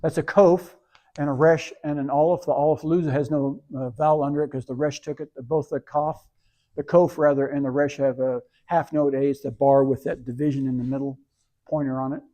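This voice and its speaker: A man's voice: a little high, fairly even intonation, a little fast, mellow. A man leading a service, reading scripture and patiently walking through Hebrew words letter by letter. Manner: patient, spells out words sound by sound. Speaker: service leader and teacher.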